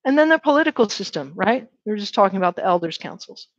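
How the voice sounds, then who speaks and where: A fast-talking woman with a mid-range voice teaches a university class, lively and frequently asking the students questions and checking in with "right?". There's no room sound, just a dull, dry classroom recording.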